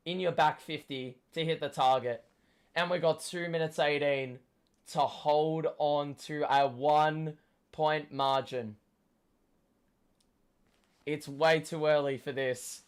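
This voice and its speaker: Young man, hoarse, excitable fan commentary, fairly high voice, unhurried. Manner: excitable, swearing, shouting at the play. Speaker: watchalong host.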